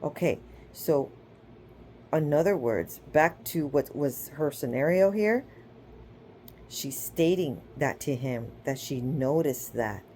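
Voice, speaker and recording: Deep-voiced and warm, this woman talks slowly with lively intonation, slight background noise behind her. Her casual spiritual teaching is chatty, full of scripture stories retold with acted-out quotes, and she keeps asking listeners "okay?" and "right?".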